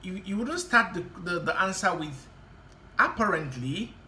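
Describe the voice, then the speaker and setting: Bright-voiced tutor in an echoey room. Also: medium pitch, animated, a little hiss or hum. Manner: deliberate, stresses key words, gives step-by-step tips. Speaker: exam-prep tutor. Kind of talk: spoken lesson to camera. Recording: roomy echo.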